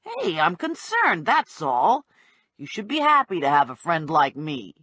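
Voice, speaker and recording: A pushy, streetwise middle-aged bookie, played by a woman narrator. He talks bluntly and nosily with a slightly breathy, unhurried delivery. His pitch swings widely from line to line. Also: huge pitch swings, bright, forceful tone, no echo, exaggerated voice. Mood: nosy.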